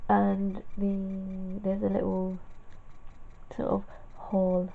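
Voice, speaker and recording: A woman's voice: mid-range voice, monotone, very slow, vocal fry. A tired woman chatting and mumbling as she paints in a casual crafting tutorial. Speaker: craft vlogger. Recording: tinny phone-like sound, faint noise.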